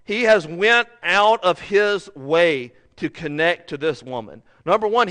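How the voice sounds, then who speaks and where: A man's voice: a little high, a bit bright. A male pastor preaching a sermon, earnest and building to emphatic, repeated phrases.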